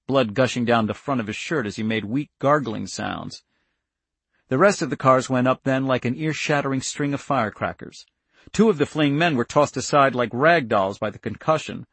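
A man's voice: medium pitch, fairly bright tone, no echo. A man narrating an audiobook in a tense, dramatic storytelling manner, close on the microphone.

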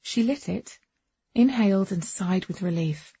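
A woman's voice: mid-range voice, lively intonation, a little slow, warm tone, breathy edge, no room sound. A woman reading a first-person novel aloud with wry, understated delivery, on a dull, muffled recording. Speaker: audiobook narrator.

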